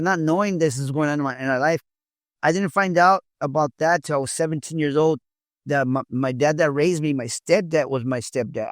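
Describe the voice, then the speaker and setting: A middle-aged man, born in Mexico, telling his family story as an interview guest in a halting way, with many restarts and repeated words. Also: fairly high pitch, no echo. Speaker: interview guest, former police officer.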